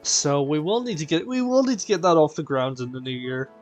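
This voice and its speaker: A man's voice: fairly high pitch, fairly quick, dull audio. A man hosting a live stream, chatting playfully with his viewers. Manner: animated and playful, addressing chat as "people". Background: faint game music.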